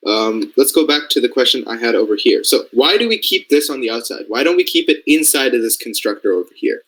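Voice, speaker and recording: In a mid-range, expressive voice with a fairly bright tone, a young Canadian man speaks fairly quickly on a low-quality recording. He mentors robotics programmers and is running an informal screen-share coding lesson, thinking out loud and often confirming his audience is following.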